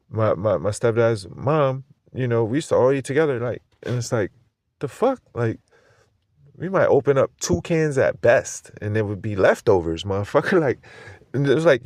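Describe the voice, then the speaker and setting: A man's voice: mid-range voice, no echo. Rambling, swearing man. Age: adult with a school-age kid. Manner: rambling, swears freely, laughs often. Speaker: podcast host. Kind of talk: casual profane monologue.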